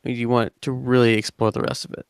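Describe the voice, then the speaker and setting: A man narrating as game master of a tabletop game in a relaxed, casual way. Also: medium pitch, quick pace, gravelly, clear, resonant tone, no room sound, clean studio sound. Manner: relaxed, casual descriptions with fillers.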